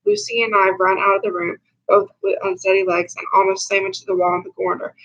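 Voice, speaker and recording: Woman, young adult, amateur audiobook reading, mid-pitched voice, even delivery. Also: dull audio. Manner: plain, unhurried amateur reading with small slips and restarts. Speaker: audiobook reader. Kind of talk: first-person novel reading.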